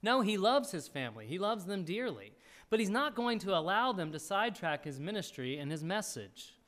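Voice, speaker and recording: A male pastor preaching a sermon with a high, lively voice that swings up and down as he teaches. He reads scripture aloud and stops now and then to clear his throat. His delivery is expressive and earnest. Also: moderate pace.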